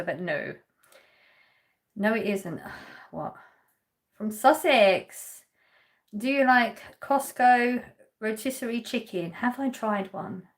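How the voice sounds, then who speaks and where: Chatty woman reading stream chat. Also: on the high side. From Essex, England. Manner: chatty, laughs often, trails off mid-sentence. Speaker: livestream host. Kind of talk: casual chat reading viewer comments.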